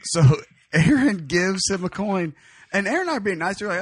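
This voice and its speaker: A man's voice: high-pitched, fast, breathy edge, dry recording, clean studio sound. A young man telling a story among friends in casual banter, laughing often and acting out what people said. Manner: animated storyteller, laughing, acts out quotes. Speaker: podcast co-host telling a story.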